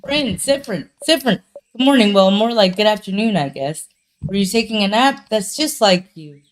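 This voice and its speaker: A woman voicing a cheerful young female friend in a game, who gently teases and chides a sleepy companion. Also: medium pitch, animated, normal speed, lightly acted. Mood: friendly teasing. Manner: friendly, chiding, lightly teasing.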